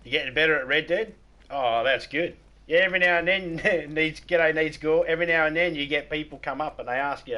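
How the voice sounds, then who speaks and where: A man's voice: fairly high pitch, fast, pushed and bright. A man with an Australian accent hosting a casual gaming livestream, rambling, repeating words and laughing at his own stories. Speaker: livestream host.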